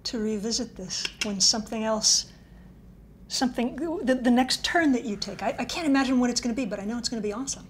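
A woman host chats easily with her guest, asking questions in an upbeat, relaxed manner. Her voice sits a little high for a woman, with faint noise in the background. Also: fast. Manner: relaxed, chatty, enthusiastic questions. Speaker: interviewer, host. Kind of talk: casual interview. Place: Los Angeles.

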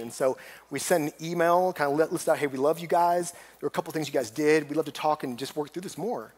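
A man's voice: on the high side, fast. Earnest man preaching a sermon. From United States. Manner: earnest, storytelling, builds up emphatically on punch lines. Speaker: pastor.

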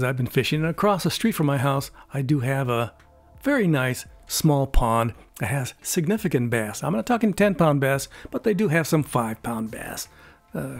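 A man in his seventies from California, rambling through a casual unboxing review at home, pausing often on fillers and chuckling. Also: mid-range voice, no echo. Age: 70s. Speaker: YouTube product reviewer.

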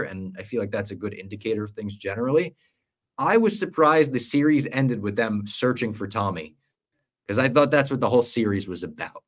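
A young man on a casual podcast, recapping a series at length and acting out quoted lines along the way. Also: mid-range voice. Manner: animated storyteller, acts out quoted lines. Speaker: podcast co-host.

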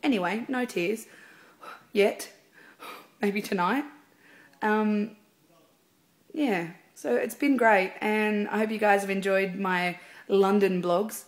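A woman's voice: medium pitch, takes it slowly, pauses often. A woman, a singer, chatting casually in a video blog from a theatre dressing room, rambling with lots of fillers. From Australia.

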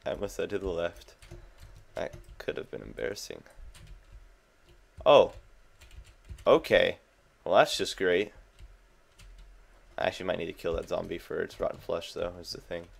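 A man's voice: low voice, expressive, moderate pace, creaky, pauses often. A young man hosting a gaming video, chatting casually and reacting jumpily to the game, with keyboard clicks behind him. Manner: chatty, self-amused, jumpy reactions. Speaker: gaming channel host.

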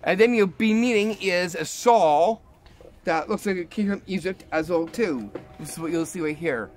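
A man's voice: high-pitched, moderate pace, faint music behind. A man hosting a casual magic trick tutorial, eager and showing each step as he goes. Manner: eager, repeats "like this" while demonstrating.

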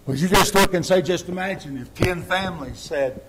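A man preaching a sermon as pastor, surging to loud exhortation and sinking to quiet appeals. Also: brisk, noisy background. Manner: impassioned, rising to loud exhortation then dropping low. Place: church sanctuary.

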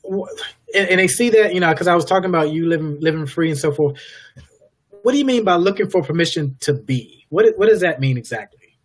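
A man's voice: a little high, expressive, fairly quick. A man hosting an interview, affirming his guest often and restating his questions. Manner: affirming, many yeahs, repeats his questions. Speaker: interview host. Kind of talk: casual interview talk.

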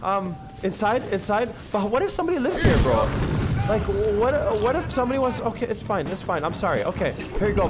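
Young guy gaming on stream, hyped and joking, slangy trash talk, highish voice. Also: sing-song, brisk, heavy background noise. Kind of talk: casual let's-play commentary.

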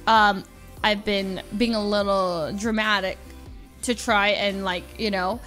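A woman's voice: medium pitch, fairly even intonation, takes it slowly, fairly bright tone, faint music behind. A young adult woman streamer telling a story casually and animatedly, laughing often and stretching words for emphasis.

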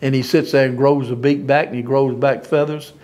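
A man's voice: mid-range voice, fairly even intonation, brisk, a little mellow. A man preaching an informal sermon, folksy and emphatic, often laughing at his own lines.

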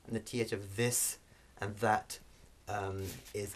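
A man teaching a language lesson, explaining sounds slowly with frequent fillers and restarts. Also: on the low side, little pitch movement.

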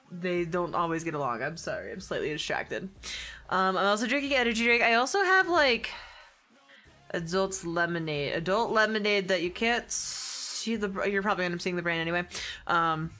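Young adult woman, game streamer, casual and sweary, bright forward tone. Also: lowish voice, expressive, moderate pace, soft background music. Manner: chatty, swearing, laughing often, reads chat aloud. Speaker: gaming streamer. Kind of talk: casual stream chat with viewers.

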